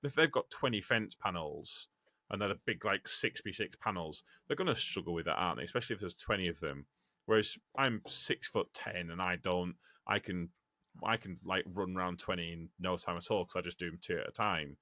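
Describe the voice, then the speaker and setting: A man, a truck driver and podcast co-host, telling rambling stories in excitable casual chat with some swearing. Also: deep voice, a little fast, no room sound, clean studio sound.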